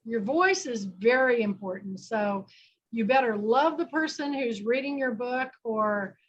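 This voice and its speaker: A woman's voice: on the high side, unhurried, dull audio. A woman from Kansas hosting an online book club, chatting and making rambling announcements over a video call.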